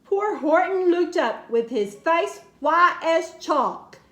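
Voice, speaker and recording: Woman reading a children's book, high voice, slow unhurried pace, bright tone. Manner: expressive, sing-song rhyming delivery. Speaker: children's storyteller. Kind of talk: reading a picture book aloud. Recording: roomy echo.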